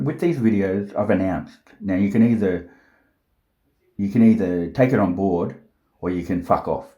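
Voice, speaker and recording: A man talking slowly to camera at home, thinking aloud with many fillers and restarts, blunt and sometimes profane. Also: low-pitched, dark tone, roomy sound. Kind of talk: unscripted monologue to camera.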